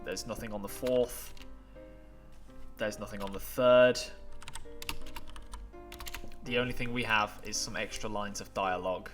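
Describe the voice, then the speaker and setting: A man's voice: fairly low pitch, steady tone, measured pace, long pauses, soft background music. A man commenting on a game playthrough in a chatty, emotional way, laughing and moved as he wraps up. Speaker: gaming YouTuber.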